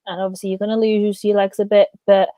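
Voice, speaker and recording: A woman's voice: medium pitch, flat delivery, fast talker, dry recording, narrow, tinny audio. A woman co-hosting a casual football chat show, talking in an enthusiastic, rambling way. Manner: enthusiastic, rambling, says "do you know what I mean". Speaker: podcast co-host.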